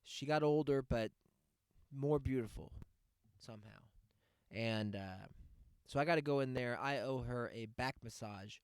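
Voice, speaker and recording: A man's voice: on the low side, no room sound, studio quality. A man hosting a podcast, going on a sarcastic, profane rant in a casual monologue. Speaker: podcast host.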